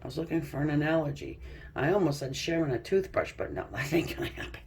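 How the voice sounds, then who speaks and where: A woman reads tarot cards in a relaxed, chatty way. She laughs often, trips over her own words and swears freely. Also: sits low, quick pace, slight background noise. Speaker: tarot reader. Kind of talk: casual tarot card reading.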